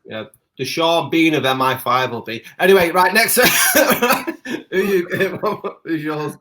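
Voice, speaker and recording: A man's voice: a little high, lively intonation, slow pace, pushed and bright. A man co-hosting a podcast, chatting casually and bantering with frequent laughs. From Britain. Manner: jokey banter, laughs often. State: parent. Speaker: podcast co-host. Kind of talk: casual chat.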